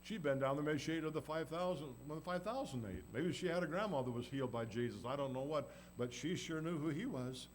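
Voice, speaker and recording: Man, sermon, folksy and storytelling, fairly high pitch, faint hum and noise. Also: quick pace, hardly any pauses, poor audio. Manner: folksy, acts out voices of people in the story. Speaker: preacher. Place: church.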